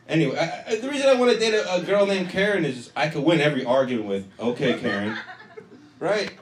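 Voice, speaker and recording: A man's voice: mid-range voice, slight background noise. A young man doing a stand-up set, loose and profane, riffing with the crowd. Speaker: stand-up comedian. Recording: echoey room recorded from afar.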